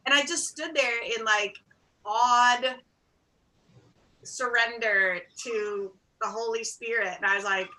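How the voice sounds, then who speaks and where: A middle-aged woman, a singer-songwriter guest, telling stories in a casual interview in an animated, self-deprecating way, acting out bits of dialogue. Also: a little high, slow pace, low-quality recording. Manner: animated, acts out quoted dialogue.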